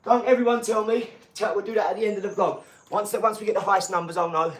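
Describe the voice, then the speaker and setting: A man chats to his live-stream audience in a loose, slangy way, calling out to viewers as he goes. His voice sits a little higher than most men's. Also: steady tone, fast. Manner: chatty and slangy, talking straight to the chat. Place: garage gym.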